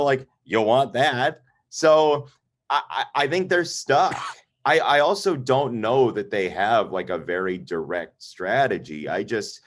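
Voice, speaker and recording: A man with a lowish voice chats casually about baseball as a guest. He talks in an animated, jokey way, often tripping over repeated words. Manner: animated, stammering restarts, jokey. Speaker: guest, White Sox broadcaster. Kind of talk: casual sports chat.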